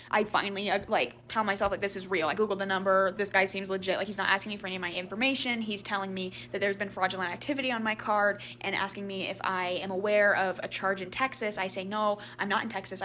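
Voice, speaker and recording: A woman's voice: medium pitch, fairly bright tone, a little hiss or hum. A young woman telling her story in an emotional confessional video, anxious and self-blaming, near tears and rambling. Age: young adult. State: tearful, near crying. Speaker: social media poster telling her story.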